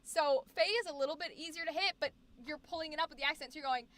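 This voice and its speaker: A woman chats casually on a livestream and explains how singers handle vowels. She sings short vowel sounds as examples. Her voice is high and bright. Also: quick pace. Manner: explains singing technique chattily, demonstrating vowel sounds; many fillers and restarts, reads chat aloud. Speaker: streamer.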